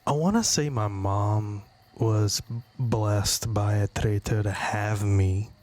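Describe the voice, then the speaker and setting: A man's voice: on the low side, slow, darkish tone. A man hosting a podcast, chatting casually and joking crudely. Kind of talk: casual chat.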